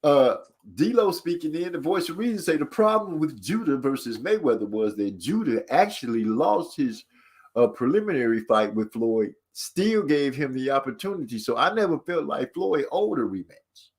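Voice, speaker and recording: A man runs the chat on a casual live stream, reading viewer comments aloud and teasing them. His pitch swings up and down a lot and sits a little high. He laughs easily between lines. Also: very animated, normal speed.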